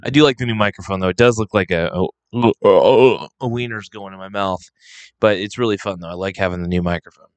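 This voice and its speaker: A slightly hoarse man with a lowish voice rambles casually to his audience, full of "um"s and restarts. He speaks right into a close microphone, and the sound is dry with no room echo around it. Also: a little fast. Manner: rambling, relaxed, with many fillers and restarts. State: slightly hoarse, coughing now and then. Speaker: vlogger. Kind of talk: casual unscripted talk to camera. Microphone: close handheld microphone.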